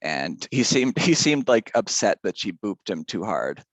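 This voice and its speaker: Laid back math teacher guy, lowish voice, dry close sound, rambles a lot. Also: very animated, measured pace, no echo. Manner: chatty, rambling, with side stories. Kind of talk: casual recorded math lesson.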